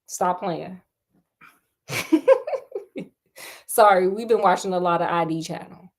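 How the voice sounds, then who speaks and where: A woman's voice: fairly low pitch, fairly even intonation, moderate pace. A woman storyteller reading a story aloud, breaking off for sassy, laughing asides to her listeners.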